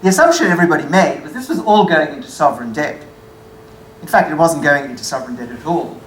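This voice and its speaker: A woman's voice: deep voice, expressive, fast talker, reverberant, poor audio. A woman giving a lecture-style presentation from slides, with dry, wry asides, correcting her own figures as she goes.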